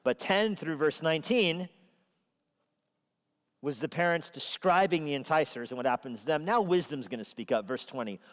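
A man's voice: on the high side, expressive, normal speed, long reverb tail. A man preaching a sermon in a conversational way, sometimes acting out the voices he quotes. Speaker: pastor. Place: church sanctuary.

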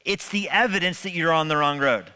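Male pastor, sermon, conversational with humor, bright voice, long church reverb. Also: on the high side, fairly quick, clean tone. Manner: conversational preaching with humor and rhetorical questions. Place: church sanctuary.

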